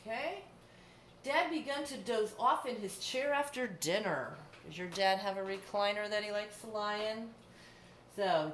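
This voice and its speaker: A woman's voice: medium pitch, lively intonation, moderate pace. A middle-aged woman teacher giving a distance-learning lesson, patiently explaining step by step with examples. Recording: echoey room, faint background hum.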